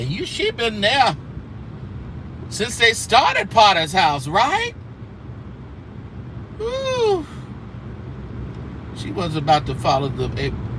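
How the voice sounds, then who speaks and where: A man hosting casual church gossip commentary, sassy and drawling, with mocking mimicry of the people he talks about. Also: sits high. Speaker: host. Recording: outdoor traffic noise.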